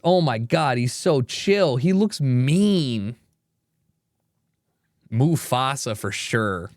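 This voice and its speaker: A man streaming casually, reacting out loud with swearing and frequent laughter. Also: fairly high pitch, no room sound, clean studio sound. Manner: animated, swearing, laughing often.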